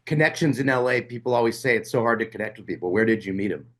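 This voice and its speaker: A man's voice: medium pitch, fast, fairly bright tone. A man hosting a podcast who chats casually and asks short follow-up questions. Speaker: podcast host. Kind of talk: casual interview chat.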